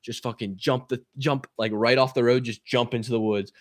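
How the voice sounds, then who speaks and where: A young man telling a story on a talk show as a guest, animated and swearing, acting out the voices of the people in it. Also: medium pitch, normal speed, no echo, clean studio sound. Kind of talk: casual storytelling.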